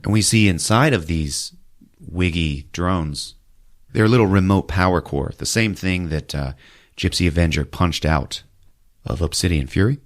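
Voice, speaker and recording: Deep-voiced man recapping a film, animated. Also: moderate pace. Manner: animated storytelling, jumps into squeaky put-on voices for characters. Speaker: podcast host recapping a movie. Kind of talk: comic movie recap.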